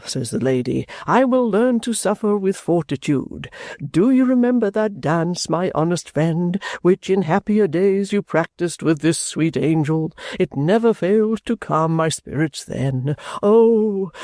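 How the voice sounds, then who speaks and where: Guy doing a pompous hammy actor, slow and drawn out, dry close sound. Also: high-pitched, expressive, darkish tone, dry recording, pitched above the performer's own voice. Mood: showy. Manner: slow, drawn-out, grandly theatrical. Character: pompous theatrical actor, grown man.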